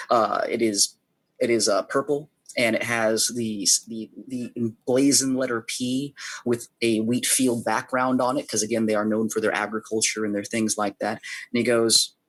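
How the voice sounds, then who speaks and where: A man's voice: medium pitch, rough recording. A man narrating as game master in a casual way, with fillers and restarts. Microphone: home microphone, online call.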